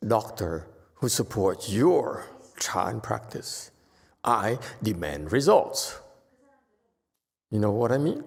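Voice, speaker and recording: A man with a Korean accent, a Zen master telling anecdotes in a dharma talk, with chuckles and halting restarts. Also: medium pitch, gravelly, breathy edge. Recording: long hall reverb.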